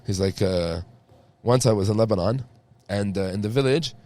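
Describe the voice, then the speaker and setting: A man's voice: fairly low pitch, moderate pace. Swearing casual podcast host guy. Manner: profane, says "bro" constantly, animated storytelling. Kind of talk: casual chat.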